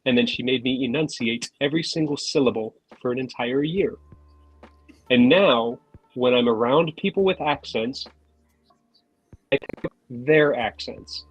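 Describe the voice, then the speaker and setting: A man's voice: medium pitch, husky, no room sound, rough recording. Man telling stories, chatty, dry sound. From New Jersey. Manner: rambling storyteller, self-mocking, laughs between remarks. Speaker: podcast guest. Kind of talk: casual chat over a remote call. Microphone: phone on a remote call.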